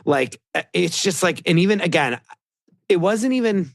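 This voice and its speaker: A man's voice: high voice, normal speed, vocal fry, no room sound, studio quality. A man chatting casually as a podcast guest, rambling with many "like"s and acting out what others said. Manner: rambling, heavy use of "like", animated quoting of others. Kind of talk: casual chat.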